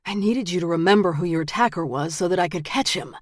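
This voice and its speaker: A woman doing a cold, soft-spoken killer cop. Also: fairly low pitch, fast talker, no echo, studio quality. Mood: cold menace. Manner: quiet, flat, menacing. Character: cold, calm murderous male detective.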